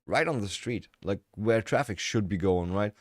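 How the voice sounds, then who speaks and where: A man's voice: fairly low pitch, expressive, normal speed, no echo, clean studio sound. A man hosting a livestream, chatting casually and bluntly while paraphrasing a video, swearing and laughing now and then. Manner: narrates and paraphrases the clip. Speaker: livestream host.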